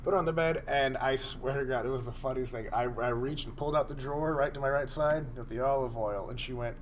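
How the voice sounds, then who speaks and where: Fast-talking rambling man telling stories. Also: mid-range voice, slight background noise. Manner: rambling, animated, laughing. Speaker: podcast co-host. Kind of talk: crude storytelling chat.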